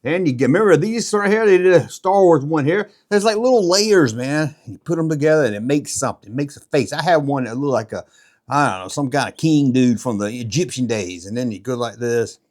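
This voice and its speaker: A man's voice: mid-range voice, expressive, brisk, a little mellow. A middle-aged man hosting a casual show-and-tell vlog, rambling and joking as he goes. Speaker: YouTube collectibles host.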